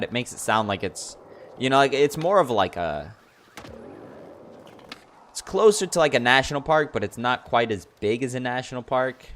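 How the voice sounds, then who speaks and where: A man's voice: medium pitch, fairly bright tone, a little hiss or hum. A young man chatting casually on a livestream, rambling and filling his talk with "like" and "you know". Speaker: streamer.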